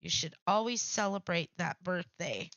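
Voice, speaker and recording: A woman's voice: fairly low pitch, normal speed, fairly bright tone, no echo. A middle-aged woman hosting a casual live stream, chatting with viewers by name. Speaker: livestream host. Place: home craft room. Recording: dull lo-fi dry sound.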